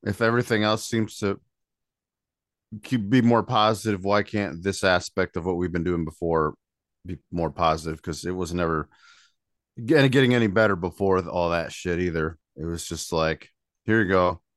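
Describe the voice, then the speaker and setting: A man's voice: sits low, fairly even intonation, moderate pace, dry recording, clean studio sound. A man co-hosting a podcast, chatting in a laid-back, joking way. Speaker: podcast co-host. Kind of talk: casual podcast chat.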